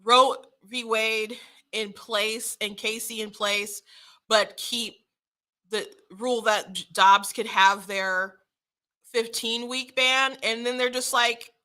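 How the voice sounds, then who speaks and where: A young woman with a bright, slightly high voice hosts a political commentary show. She talks frankly and quickly, often restarting her sentences and breaking into short laughs. Her tone stays casual and conversational. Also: fairly even intonation.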